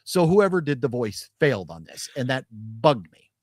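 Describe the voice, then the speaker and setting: A man's mid-range voice makes big pitch swings at a normal speed. He co-hosts a podcast, chatting informally about a movie with rambling restarts and laughs. The recording is dry and clean, studio-style.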